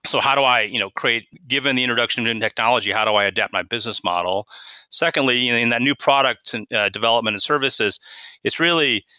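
A middle-aged man, a company's chief product officer, answering interview questions in a measured, explanatory way and often restarting phrases. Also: mid-range voice, pushed and bright, smooth, dry recording.

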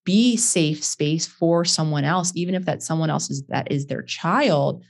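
A woman's voice: sits low, creaky. Thoughtful woman podcast host. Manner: measured, thoughtful, searching phrasing. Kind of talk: interview conversation.

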